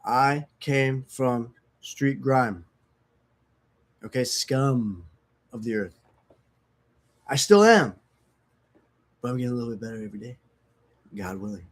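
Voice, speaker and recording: Speaking at a measured pace with long pauses, this man has a medium-pitched, steady voice. He's a recovery vlogger chatting casually and candidly to camera, rambling, self-mocking and profane, sniffling through opiate withdrawal.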